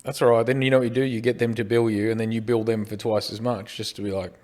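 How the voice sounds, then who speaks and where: A man's voice: lowish voice, flat delivery, fast talker, a little mellow. A middle-aged man with an Australian accent, co-hosting a casual podcast and joking around. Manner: joking, chatty. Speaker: podcast co-host. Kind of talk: casual chat.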